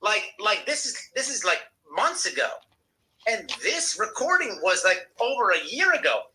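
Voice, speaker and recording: A man hosting a live stream, talking casually in an animated, profane, ranting way. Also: sits high, moderate pace, a little hiss or hum, rough recording. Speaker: livestream host.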